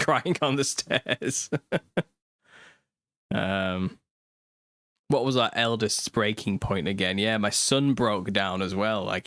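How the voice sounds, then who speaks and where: A man's voice: sits low, a bit bright, dry recording, clean studio sound. A British man in his thirties hosting a casual livestream, chatting and reading viewer comments, laughing often mid-sentence. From United Kingdom. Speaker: host.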